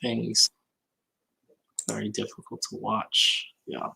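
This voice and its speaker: A man's voice: fairly low pitch, level tone, slow, creaky, pushed and bright, low-quality recording. A man on a casual livestream hangout, chatting and reading comments while he works, often muttering to himself.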